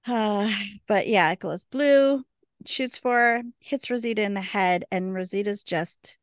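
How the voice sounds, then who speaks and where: A woman's voice: mid-range voice, measured pace, smooth, dry recording, studio quality. A woman co-hosting a podcast, eagerly retelling a TV episode in casual chat full of fillers. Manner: enthusiastic, retelling scenes with many fillers. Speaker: podcast co-host.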